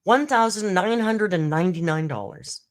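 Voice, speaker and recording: A woman's voice: on the low side, animated, normal speed. A woman hosting a casual live-stream chat, telling stories in a chatty way and acting out what others said. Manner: chatty storytelling, frequent laughs, acts out other people's lines. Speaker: YouTube commentary host.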